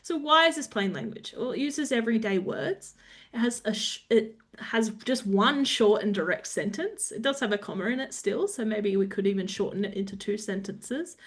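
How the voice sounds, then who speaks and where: A woman's voice: medium pitch, animated, normal speed. Australian woman explaining with light humour. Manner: explanatory, lightly humorous, with frequent "um". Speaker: webinar presenter. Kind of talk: presenting a webinar talk.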